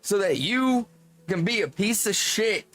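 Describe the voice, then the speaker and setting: A man doing a burly, gray-bearded old country man with a thick Southern US country drawl, fed up and ranting bluntly with plenty of swearing. The voice sits a bit higher than an ordinary man's. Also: animated, a little slow, a bit bright, faint music behind.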